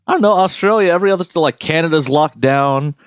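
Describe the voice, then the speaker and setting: A man's voice: on the high side, fast, smooth, dry recording, studio quality. A young man co-hosting a podcast, talking casually and ranting with lots of swearing. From United States. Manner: profane, ranting, animated storytelling. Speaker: podcast co-host. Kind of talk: casual chat.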